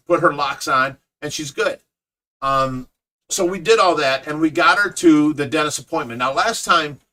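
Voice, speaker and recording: A middle-aged man with an Ohio accent, who owns and cares for a fish rescue, chats casually on a livestream, telling a long story and acting out what other people said. His voice is on the high side, bright and forceful, and is picked up from a distance.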